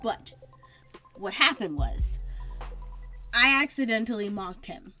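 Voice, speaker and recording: A woman's voice: medium pitch, slow pace, soft background music. An American woman co-hosting a podcast, telling stories in casual chat with lots of laughter. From United States. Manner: animated storytelling, frequent laughter. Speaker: podcast co-host.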